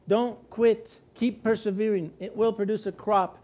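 A man's voice: high voice, unhurried. A middle-aged man from the United States preaching a sermon, posing questions and answering them himself, and acting out worried voices. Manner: animated, asks and answers his own questions, acts out worried voices. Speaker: pastor.

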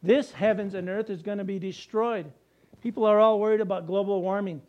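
A male pastor delivering a sermon, animated and conversational, with asides to the congregation. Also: high voice, fairly quick, muffled recording.

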